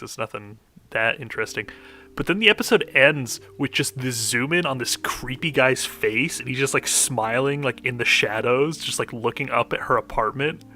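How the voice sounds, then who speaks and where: With a sharp, medium-pitched voice, this young man co-hosts a podcast and retells an anime's plot in a loose, casual chat. He rambles, dropping fillers and laughing often.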